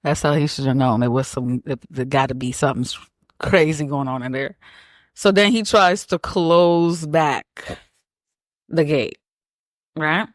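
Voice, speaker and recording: A woman co-hosting a podcast, retelling a film scene in a lively, blunt, joking way. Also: deep voice, a little slow, no room sound, clean studio sound. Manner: animated storyteller, acts out characters, blunt and profane. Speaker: podcast co-host. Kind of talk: casual movie recap chat.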